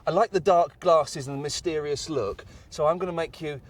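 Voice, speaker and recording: A man's voice: a little high, fairly even intonation, normal speed. An English man hosting a comic show on location, sarcastic and teasing in his banter. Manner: sarcastic, mock-posh banter. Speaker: host.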